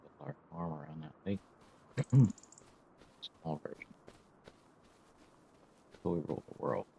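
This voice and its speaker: A man with a very low, gravelly voice chats to himself over a farming game, rambling along and sometimes breaking into exasperated rants. A faint hiss sits under his voice. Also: slow pace, a little mellow. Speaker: gaming streamer. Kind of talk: casual gameplay commentary.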